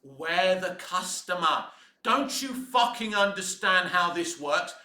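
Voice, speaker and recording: Man, high-pitched, ranting fan commentary, profane, echoey room. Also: lively intonation, slow pace. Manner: profane, swinging from muttering to shouting.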